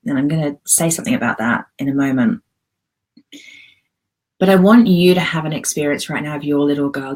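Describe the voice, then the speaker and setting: A middle-aged woman coaching a live group video call, guiding a visualization softly and gently, tearful and pausing often. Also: low-pitched, poor audio.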